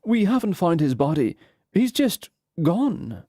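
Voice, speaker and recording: Brief: emphatic, higher-pitched loyal male sidekick, voiced by a man, mellow tone. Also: sing-song, measured pace, dry recording, clean studio sound, exaggerated voice. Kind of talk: audiobook character voice.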